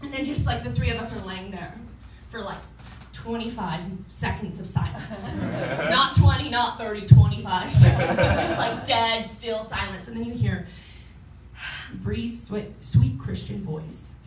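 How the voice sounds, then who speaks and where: A woman's voice: fairly high pitch, normal speed, loud music behind the voice. A woman in her twenties telling a stand-up comedy story to a club audience, chatty and laughing between lines. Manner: chatty storytelling with frequent laughs and acted quotes. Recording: roomy club sound, distant mic, audience noise. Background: audience murmur and laughter.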